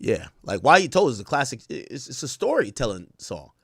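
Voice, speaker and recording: A man's voice: mid-range voice, big pitch swings, moderate pace, husky, dry recording, studio quality. A man hosting a live stream, rambling casually with lots of "like" and "you know" while he explains street slang to his viewers. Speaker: stream host reacting to rap songs.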